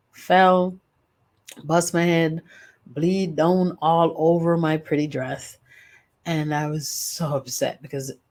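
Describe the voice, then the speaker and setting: An older woman, hosting a podcast and telling her life story with emphatic, drawn-out phrases. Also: deep voice, a little mellow. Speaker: podcast host and author. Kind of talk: personal storytelling monologue.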